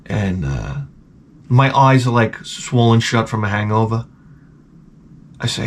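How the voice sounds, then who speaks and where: Guy ranting a funny story, cusses a lot, deadpan, mid pitch voice. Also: a little slow, long pauses, a little hiss or hum. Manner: rambling, profane, deadpan asides. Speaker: vlogger. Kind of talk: comic storytelling rant.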